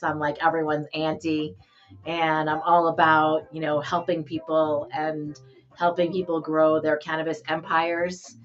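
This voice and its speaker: A middle-aged woman hosts a casual live stream, chatting in a bubbly way and greeting viewers one by one. Her voice sits somewhat low. The sound is a bit dull and lo-fi, with faint music underneath.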